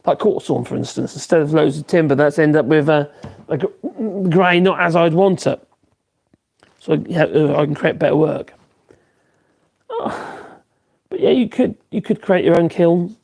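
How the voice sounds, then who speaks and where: A man in his fifties from Norfolk, with his accent intact, chats loosely to viewers of his woodworking livestream, circling back on himself with ums and restarts. His voice is gravelly and a bit husky. It sits slightly higher than most men's. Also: moderate pace, pauses often, a little mellow. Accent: Norfolk English. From Norfolk, England. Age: 50s. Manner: rambling, many fillers and restarts, chuckles. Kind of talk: casual livestream chat answering viewers.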